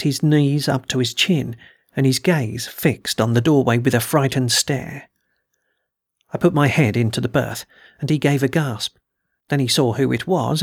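Gravelly man reading a story. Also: mid-range voice, no room sound, clean studio sound. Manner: measured, storytelling. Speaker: audiobook reader and podcast host. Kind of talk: audiobook narration.

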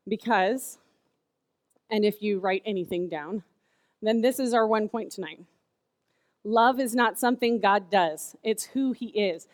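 A woman's voice: medium pitch, no room sound, clean studio sound. A woman in her thirties giving a casual, chatty sermon to kids, telling stories with lots of "like" fillers. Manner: chatty, animated storytelling with "like" fillers. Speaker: youth speaker.

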